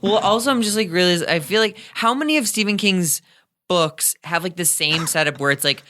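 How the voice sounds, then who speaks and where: A man co-hosting a casual movie podcast, chatting in a halting way with many fillers. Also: high voice, pushed and bright. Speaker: podcast co-host.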